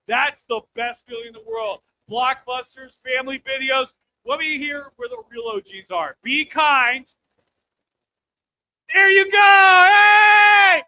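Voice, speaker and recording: A brash man in his thirties working a comedy club crowd into a live stand-up set on a handheld mic. His voice sits very high and cuts through sharp and bright. He keeps it loud and breaks into shouts to stir the room, with a faint hum behind him. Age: 30s.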